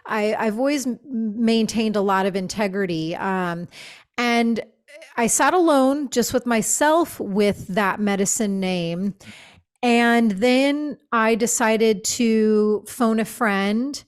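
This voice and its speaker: A woman's voice: on the high side, takes it slowly, smooth. A woman, a shaman and podcast guest, telling her story in an earnest, reflective way with many fillers and restarts. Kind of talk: conversational interview storytelling.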